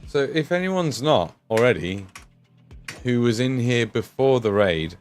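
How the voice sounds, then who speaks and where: A man's voice: medium pitch, lively intonation, unhurried, soft background music. A man with an English Midlands accent, hosting a casual livestream while painting miniatures, chatting, swearing and laughing as he reads the chat. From England.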